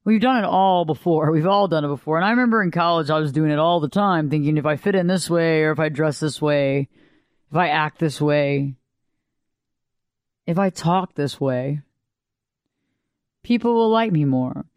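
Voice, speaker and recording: A woman whose voice sits lower than she would have wanted gives a slow, thoughtful motivational talk, repeating phrases and putting questions to the listener. The recording is dry and clean, with a studio sound.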